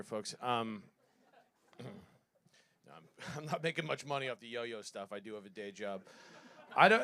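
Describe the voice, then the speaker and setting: Stand-up comic, man in his 30s, slightly high voice, rambling self-mockery, live stage. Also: bright, forceful tone, smooth. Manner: self-deprecating, rambling, laughs at own jokes. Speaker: stand-up comedian. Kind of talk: stand-up comedy set.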